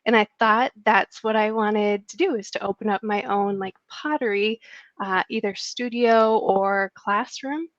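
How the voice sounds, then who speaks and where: Guest: friendly woman, mid-pitched, laughs often, rambles happily; muffled, dead-dry audio. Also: a little slow, no room sound. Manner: giggly, friendly, rambling storyteller. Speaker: interior designer, guest. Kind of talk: casual interview chat. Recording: dull lo-fi dry sound.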